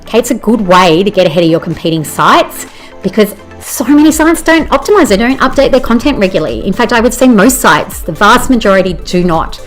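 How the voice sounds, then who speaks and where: A woman's voice: mid-range voice, sing-song, brisk, soft background music. Upbeat Australian woman presenting. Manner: enthusiastic, conversational, with frequent "you know" and "okay?" check-ins. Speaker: presenter teaching bloggers. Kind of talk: presentation talk.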